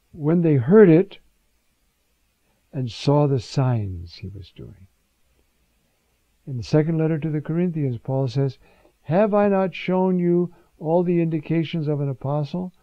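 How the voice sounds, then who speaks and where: A man's voice: on the high side, moderate pace, no echo. A man preaching as a priest, giving a conversational homily on scripture and often asking the listeners questions. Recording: dull dry lo-fi recording.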